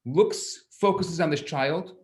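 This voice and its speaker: A man, a rabbi, teaching a class, telling a story with lively asides and frequent restarts. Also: a little high, slow pace. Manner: animated storyteller, acts out children's voices, stammers on restarts. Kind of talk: storytelling lecture.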